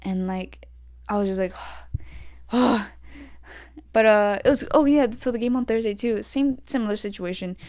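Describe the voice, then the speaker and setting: A young adult woman hosting her own podcast, rambling through a story with lots of fillers and getting animated when irritated. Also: medium pitch, moderate pace, smooth. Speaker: podcast host. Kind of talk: solo casual rant. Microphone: desk podcast mic.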